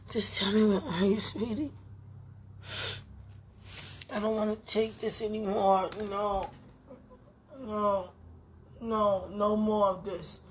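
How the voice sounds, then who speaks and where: A tearful woman in an emotional spoken prayer, pleading in halting, repeated phrases. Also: mid-range voice, a little hiss or hum.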